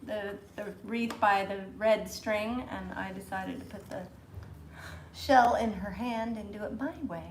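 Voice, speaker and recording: Slow-talking giggly woman in an echoey room. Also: mid-range voice, steady tone, slight background noise. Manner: unhurried, giggly. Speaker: co-host reading viewer comments. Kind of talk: casual chat on a live stream.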